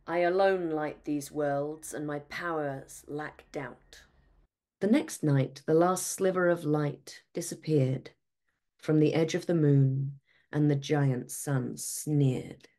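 Slow, low-voiced woman reading a rhyming storybook. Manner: measured, expressive rhyming delivery. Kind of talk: rhyming storybook read-aloud.

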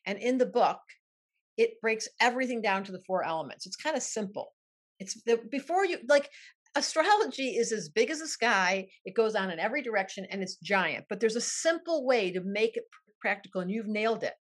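Older lady astrologer, super enthusiastic, kinda high voice, does little voices. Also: brisk. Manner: excitable, animated, acts out voices in quotes. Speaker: astrologer and guest. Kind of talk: enthusiastic interview talk.

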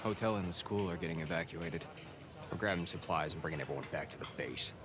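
Game role: an actor plays a deep-voiced young male soldier who grumbles at a fast pace. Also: lightly acted.

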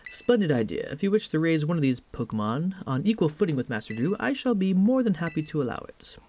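A man's voice: a little high, very animated, fast, warm tone. A man voicing a formal, polite middle-aged school director in a game.

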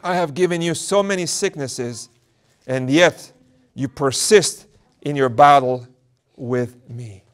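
Demon possessing a girl: high, loud, drawn-out and gloating, as a preacher puts it on. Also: expressive. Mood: indignant. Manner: slow, loud, gloating declarations. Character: boastful demon possessing a young girl, spiteful and proud.

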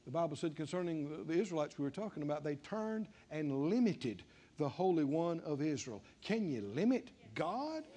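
A man's voice: a little high, sing-song, normal speed, dark tone. An older man preaching a sermon and acting out back-and-forth dialogue, building to emphatic declarations.

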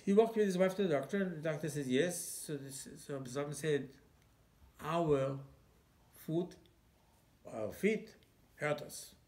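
Emphatic rabbi with a higher voice. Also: male voice, unhurried, pauses often, a little mellow. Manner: emphatic, rhetorical questions, broken English. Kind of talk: sermon.

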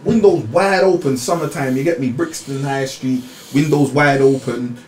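A man's voice: mid-range voice, moderate pace, roomy sound, slight background noise. A man, co-hosting a podcast, telling stories in casual banter and laughing as he goes. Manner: animated storyteller, laughs while telling stories. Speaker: podcast co-host.

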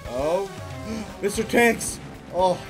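A slightly high-voiced man talks through his game playthrough, getting excited and loud when things go wrong or right. Game music plays clearly behind his voice the whole time. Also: extremely slow. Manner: excitable, reacts loudly to gameplay. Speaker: gaming YouTuber. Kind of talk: let's play commentary.

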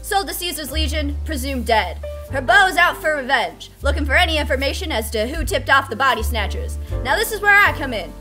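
A woman's voice: extremely high pitch, huge pitch swings, moderate pace, hardly any pauses, bright, forceful tone, faint music behind, heavily acted. A woman putting on a hardboiled 1930s detective. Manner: clipped noir patter.

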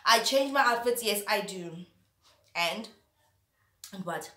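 A woman's voice: medium pitch, lively intonation, slow pace, a bit bright, roomy sound. A woman chatting theatrically while eating spicy food, sometimes talking with her mouth full. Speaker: YouTuber. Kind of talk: casual eating vlog chat.

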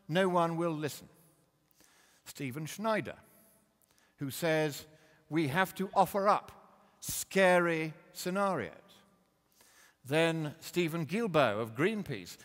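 A man giving a combative, mocking lecture with slides in a large hall. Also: fairly high pitch. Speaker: public speaker.

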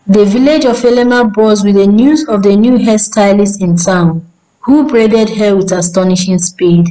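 A woman tells a folk tale in a steady, measured way. Her voice sits at a middle pitch with a dark, mellow tone. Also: low-quality recording. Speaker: storyteller. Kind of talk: scripted story narration.

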